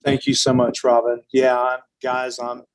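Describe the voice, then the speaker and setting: A man who works in intensive care, speaking on a video call in a hurried, earnest way with frequent hesitations. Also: mid-range voice, completely flat delivery, poor audio. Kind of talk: informal video-call remarks.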